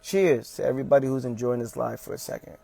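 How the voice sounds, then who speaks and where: A man's voice: mid-range voice, fast talker, vocal fry, dark tone, no room sound. A man giving a motivational talk on a livestream, speaking emphatically, repeating his points and calling his listeners "fam".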